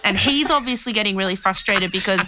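A woman co-hosting a podcast, chatting casually and telling stories in an animated way. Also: medium pitch, fast talker, no room sound. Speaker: podcast co-host. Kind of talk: casual chat, storytelling.

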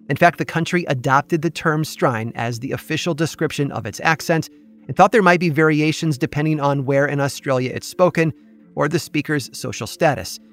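A man hosting a podcast, telling a true story in scripted, measured narration with a wry touch. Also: fairly high pitch. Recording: faint music bed behind.

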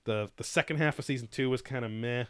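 A man's voice: mid-range voice, fast talker, fairly bright tone, clear, resonant tone, no echo, studio quality. A man co-hosting a casual podcast chat, rambling and profane with lots of filler words. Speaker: podcast co-host.

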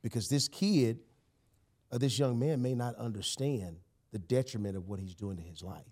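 A man, a podcast guest telling a personal story in casual conversation, animated and emphatic, often saying "you know" and "man". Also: mid-range voice, moderate pace.

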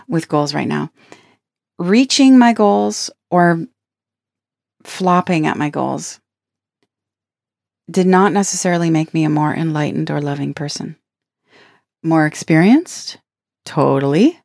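A woman's voice: fairly low pitch, vocal fry, a little mellow, no room sound, studio quality. A woman giving a reflective spiritual self-help talk, earnest and playful, laughing now and then between her points.

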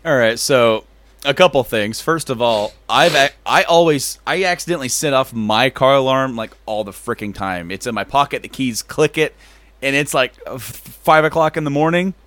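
A man's voice: medium pitch, expressive, moderate pace, a bit bright, no room sound. A man co-hosting a podcast in casual chat, with loose, profane, laughing banter. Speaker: podcast co-host.

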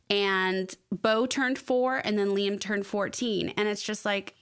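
A woman's voice: mid-range voice, steady tone, measured pace, fairly bright tone, smooth. A woman in her forties chatting casually as a podcast co-host, emotional and close to tears as she confides. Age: 40s. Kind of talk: casual chat.

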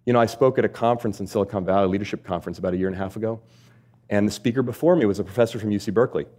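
A male speaker gives a motivational talk, moving through stories at a quick clip. He keeps the audience involved with rhetorical questions and a conversational manner. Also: lowish voice. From United States. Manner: lively storytelling with rhetorical questions. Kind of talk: keynote talk.

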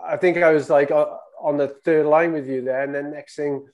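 A man hosts a laid-back chat with a slightly high voice. He rambles in an easygoing way and restarts his sentences as he recalls names. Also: fairly even intonation, a little fast, darkish tone. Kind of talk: casual chat.

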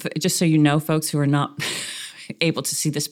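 A woman's voice: low voice, level tone, moderate pace, a little mellow. A woman hosting a podcast, chatting playfully over a video call, laughing often and rambling a bit. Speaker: podcast host.

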